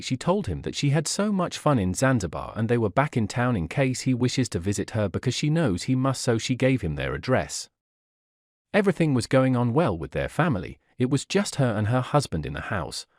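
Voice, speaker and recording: A man narrating a drama story in a steady, plain storytelling manner. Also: medium pitch, no echo, clean studio sound. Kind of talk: scripted narration.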